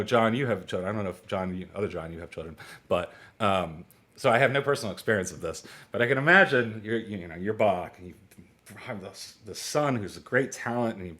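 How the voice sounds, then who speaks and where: A male teacher in his forties with a slightly low voice, lecturing on music in a loose, conversational way. He drifts into anecdotes and laughs at his own asides. He acts out quoted exchanges with big leaps in pitch. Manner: chatty and digressive, with quick asides and laughs; acts out dialogue with lively jumps in pitch. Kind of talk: casual lecture to a small online class.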